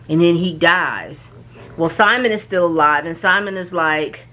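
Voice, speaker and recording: A woman casually recapping a show's episodes, telling the story in an animated way and acting out the characters' lines. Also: on the low side, a little slow. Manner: animated storytelling, acts out quoted lines, frequent restarts and fillers. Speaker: reviewer recapping a show.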